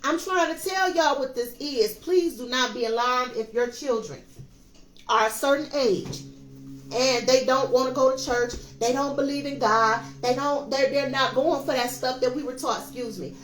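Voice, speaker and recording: A woman's voice: sits high, normal speed. A woman in her fifties giving a casual, preachy tarot reading, talking straight to her viewers. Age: 50s. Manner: emphatic, preachy, addresses viewers as y'all. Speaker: tarot reader. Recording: echoey room with faint music.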